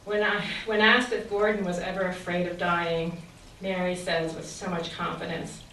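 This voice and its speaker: A woman's voice: on the low side, level tone, moderate pace, sharp tone, slight background noise. A woman gives an earnest, reflective talk in the manner of a sermon, turning often to rhetorical questions. Her voice carries through a very roomy, echoing space and is picked up from some distance. Faint ambience hangs behind her. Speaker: speaker giving a faith reflection.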